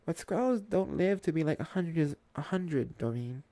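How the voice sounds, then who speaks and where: A reader voicing an excitable female squirrel sidekick in an ASMR comic reading, with squeaky, excited delivery. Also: moderate pace, no room sound, lightly acted. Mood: chatty.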